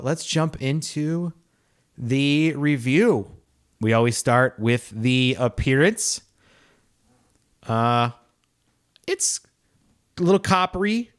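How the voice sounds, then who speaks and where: A man co-hosting a casual beer-review podcast, upbeat and chatty, laughing often. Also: fairly high pitch. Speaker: podcast co-host.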